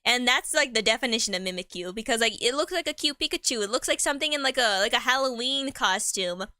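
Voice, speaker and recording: Bright-voiced woman rambling on a stream. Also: on the high side, lively intonation, fast, dry recording. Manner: rambling, slangy, laughs often. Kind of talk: casual live-stream chat.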